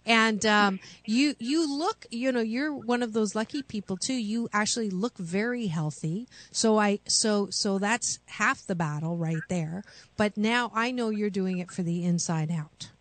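A woman hosting a radio call-in show, coaching callers with slow, soothing affirmations. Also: medium pitch. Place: radio studio.

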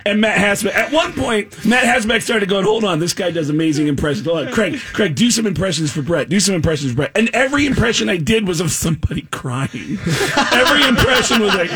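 A man, a comedian, telling a comic story on a radio show and acting out other people's voices with gasps and shouts. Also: high-pitched, expressive, normal speed. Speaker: stand-up comedian guest.

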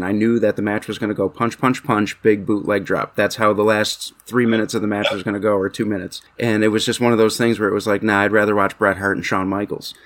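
A man hosting a casual podcast chat, easygoing and agreeable. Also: fairly low pitch.

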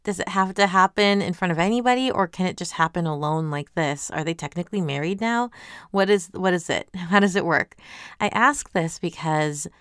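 A woman with a lowish, smooth and resonant voice talks through a webtoon episode in a casual way. She is animated and full of questions, and she reads viewer comments aloud as the host. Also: normal speed, no room sound, studio quality. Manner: animated, asks many questions.

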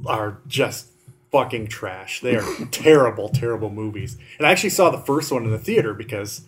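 A man's voice: lowish voice, animated, moderate pace. Rambling, profane man chatting casually. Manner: rambling, profane, acts out scenes. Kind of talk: casual chat about bad movies.

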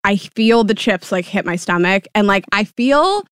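A young woman co-hosting a podcast, telling a story in a casual chat, animated, laughing and swearing. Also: medium pitch, normal speed, clean tone, no echo, clean studio sound. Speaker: podcast co-host.

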